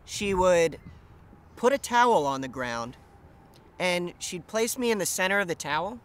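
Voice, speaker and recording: Man, high pitch, very lively melody, giggly animated storytelling. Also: measured pace, smooth. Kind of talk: casual storytelling chat.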